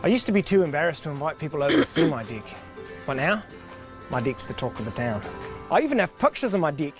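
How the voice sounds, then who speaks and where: A man doing a deadpan New Zealand deck-sealant pitchman. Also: fast talker, music in the background. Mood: deadpan earnest. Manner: straight-faced sales pitch. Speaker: pitchman in a commercial.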